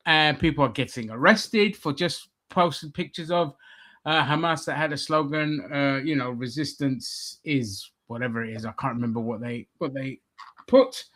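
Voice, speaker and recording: A man's voice: medium pitch, moderate pace, a bit bright. Sarcastic swearing man ranting. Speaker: livestream host. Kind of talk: ranting livestream talk.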